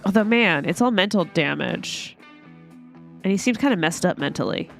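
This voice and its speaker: A woman chats playfully as a player at a tabletop game. Her pitch moves expressively as she weighs her options. Faint music runs in the background. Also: expressive, moderate pace, gravelly. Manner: playful, chatty. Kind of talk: casual chat at a tabletop game.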